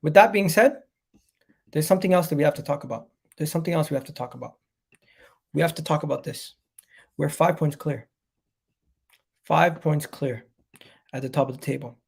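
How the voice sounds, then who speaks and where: A man's voice: fairly high pitch, normal speed, creaky, pauses often, slightly rough. A man with a cold and a nasal voice, hosting a live fan reaction stream about his football club, talking in an emphatic, repetitive, hyped way. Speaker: football fan channel host.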